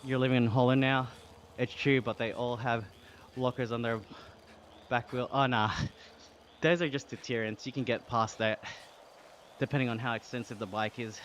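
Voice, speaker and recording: A man's voice: mid-range voice, normal speed, long pauses, a little hiss or hum. An Australian man streaming live, chatting casually and reading out chat while he cycles, laughing often. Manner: relaxed, chatty, reads chat aloud with frequent laughs.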